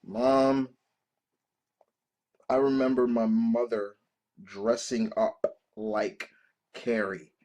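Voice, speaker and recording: A man in his thirties at an ordinary middle pitch, hosting a casual reaction vlog. He tells heartfelt stories with plenty of swearing and repeats himself as he gathers his thoughts. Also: level tone, drawn-out words, pauses often, a little mellow. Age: 30s. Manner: profane, emotional storytelling with many restarts. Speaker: reaction video host. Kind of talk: casual reaction-video commentary.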